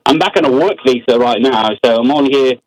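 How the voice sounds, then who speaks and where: A man's voice: medium pitch, brisk, dry recording, rough recording. A man in his late twenties with an English accent calling a radio show, hesitant and friendly with many ums. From England. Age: 20s. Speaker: caller. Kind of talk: phone-in call.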